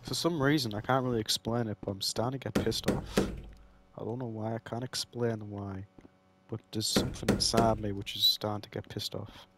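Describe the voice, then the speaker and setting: Low-voiced man ranting over a game. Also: fairly even intonation, moderate pace, heavy background noise. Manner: profane, ranting, mock-furious at the game. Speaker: gamer playing a horror game. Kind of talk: let's play commentary.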